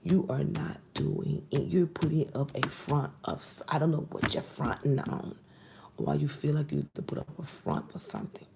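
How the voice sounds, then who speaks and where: A woman's voice: low voice, normal speed, vocal fry, background noise. A woman giving a casual tarot reading to camera, blunt and exasperated, often dropping into whispered asides. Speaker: tarot reader.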